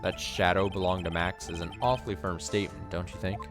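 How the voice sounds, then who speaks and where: An earnest young defense lawyer presses a witness with probing questions, read by a man. The voice is fairly low. Clear game music plays behind. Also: fairly even intonation, fairly quick. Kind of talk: let's play voice acting.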